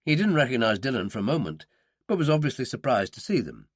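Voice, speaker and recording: Lively male audiobook narrator, dry close mic. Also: quick pace, no echo. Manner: reads character voices with lively pitch.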